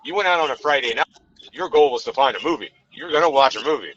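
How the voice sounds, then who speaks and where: A man's voice: medium pitch, expressive, quick pace, a bit bright. A man co-hosting a casual film chat from his car, rambling with lots of fillers. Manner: rambling, frequent "you know" fillers. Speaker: podcast co-host. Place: in a car while driving. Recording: dull lo-fi sound with faint background noise.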